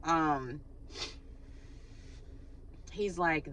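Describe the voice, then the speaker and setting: A woman's voice: sits low, measured pace, fairly bright tone, slight background noise. A woman hosting a faith channel, giving a casual spiritual reading in a chatty way and acting out sighing quotes, recorded without her microphone. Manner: chatty, laughs often, acts out quoted sighs.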